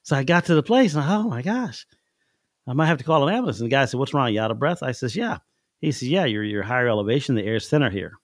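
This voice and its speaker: A man's voice: mid-range voice, big pitch swings, racing, no echo, studio quality. A middle-aged man telling stories from his life in a casual chat, folksy and chuckling, acting out the people in his anecdotes.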